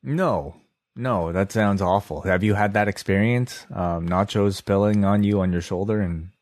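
Deep-voiced male co-host, wry and teasing, casual chat on a dry close mic. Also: moderate pace, a little mellow, no echo. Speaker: podcast co-host.

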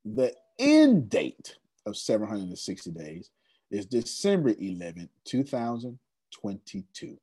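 Excitable man pitching on a call, husky. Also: unhurried. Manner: excitable, repeats phrases, casual slang. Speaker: presenter of an online business meeting. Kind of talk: animated motivational pitch.

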